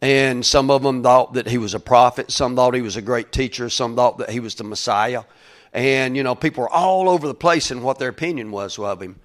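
Man preaching a casual sermon. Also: medium pitch. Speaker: pastor.

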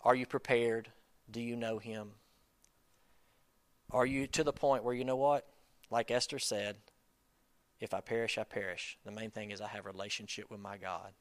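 A man preaching a sermon in a conversational, rambling way, with sudden loud bursts. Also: lowish voice, steady tone, normal speed, pauses often.

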